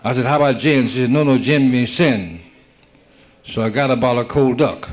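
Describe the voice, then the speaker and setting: A man doing a stand-up comedy routine, rattling off one-liners built on quick "I said, she said" exchanges. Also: medium pitch, a little hiss or hum. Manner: rapid-fire joke telling with "I said, she said" setups.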